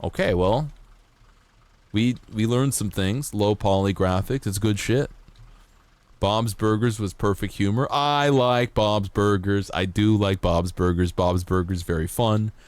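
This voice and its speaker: A man's voice: lowish voice, a little slow, no room sound. A man streaming a game, chatting casually and jokingly, swearing often and reading game text aloud. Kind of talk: casual gameplay commentary. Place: home streaming setup.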